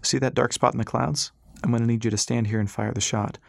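A man voicing Rass, a grown son and brisk young pilot who keeps his secrets, in a storybook reading. He speaks in a hurried, evasive way. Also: medium pitch, fairly even intonation, vocal fry, no echo, clean studio sound.

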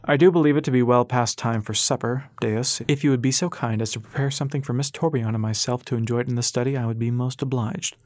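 A man voicing a genteel, formal gentleman with courtly phrasing and dry sarcasm. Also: medium pitch, steady tone, fast, few pauses, dry recording, lightly acted. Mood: dryly courtly.

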